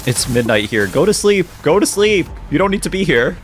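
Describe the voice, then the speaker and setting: A man's voice: fairly high pitch, very animated, a little fast, faint music behind. A man streaming a game and chatting casually, laughing often as he answers his viewers' messages. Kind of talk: casual livestream chat.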